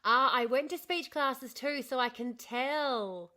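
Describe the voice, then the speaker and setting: A woman's voice: high voice, takes it slowly, bright, forceful tone. A middle-aged woman from northern Australia with a posh Australian accent, chatting casually on a livestream and answering comments. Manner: chatty, reads and answers comments, laughs often. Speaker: livestream host.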